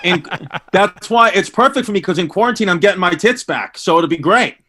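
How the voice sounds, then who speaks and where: A comedian with a New York accent who tells crude stories brashly and with animation. His voice is high for a man. His tone is bright and forceful. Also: expressive, brisk. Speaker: comedian guest. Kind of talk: casual comedic storytelling.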